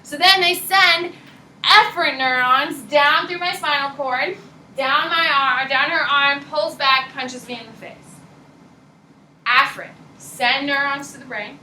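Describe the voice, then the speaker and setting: A woman teacher giving a casual, animated classroom lecture, blunt and chatty. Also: sits high, measured pace, slight background noise. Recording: echoey classroom from far off.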